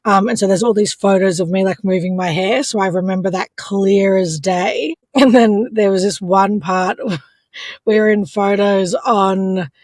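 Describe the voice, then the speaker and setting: A young adult Australian woman telling stories as a podcast guest, animated and quick to act out what people said. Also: mid-range voice, no echo. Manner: animated, acts out quotes, laughs often. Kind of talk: casual storytelling chat.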